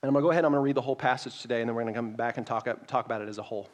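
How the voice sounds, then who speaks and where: A man's voice: mid-range voice, steady tone, racing. A man preaching a sermon as pastor, reading scripture and explaining it in a conversational way that rises to emphatic peaks.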